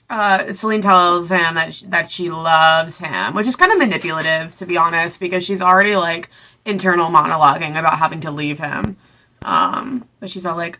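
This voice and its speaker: A young woman casually recapping a book, sarcastic and chatty, acting out the characters' lines in quick little voices. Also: fairly low pitch, expressive, bright, forceful tone. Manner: sarcastic, chatty, full of "like" and asides. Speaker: book reviewer.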